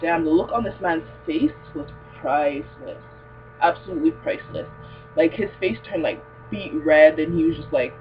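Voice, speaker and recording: A woman's voice: sits low, moderate pace. A young woman tells a rambling, profane story straight into her camera, packed with slang and fillers. The recording is dull and lo-fi, with a faint electrical hum underneath her voice. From Toronto, Canada. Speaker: vlogger.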